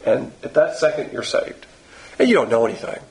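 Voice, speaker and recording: Gravelly, husky male Bible teacher. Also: mid-range voice, very animated, brisk. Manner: blunt, folksy and emphatic. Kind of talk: sermon.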